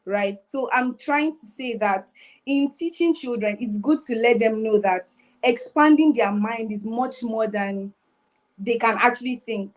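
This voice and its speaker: A woman's voice: fairly high pitch, a little slow. A woman guest speaker on a live session, explaining her points and checking in with the listener. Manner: explanatory, keeps asking "right?".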